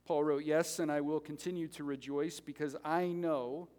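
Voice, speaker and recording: A man preaching a sermon as pastor, animated and conversational, joking with the congregation between points. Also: on the high side, normal speed. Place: church sanctuary. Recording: reverberant hall.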